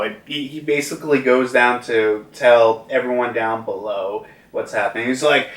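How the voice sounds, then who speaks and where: A man's voice: medium pitch, fairly even intonation, moderate pace, few pauses, fairly bright tone. A man giving a casual manga chapter review, rambling with lots of fillers. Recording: roomy echo, distant mic.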